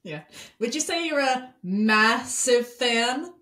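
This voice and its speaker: A woman hosting a casual book podcast, chatty and quick, often restarting her sentences. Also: a little high, lively intonation, fairly bright tone, roomy sound. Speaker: podcast host. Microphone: remote recording software.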